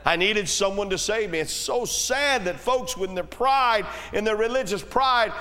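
A high-voiced man preaches in a folksy, conversational manner. He swells to emphatic peaks, then sinks low and slow. His voice carries a long reverb through a church hall. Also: bright, forceful tone. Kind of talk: sermon.

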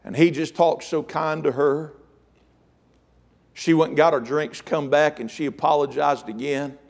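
A man's voice: on the high side, fairly even intonation, measured pace, creaky. A middle-aged man preaching a sermon, telling a story and calling out "amen" and "listen" to the congregation. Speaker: pastor.

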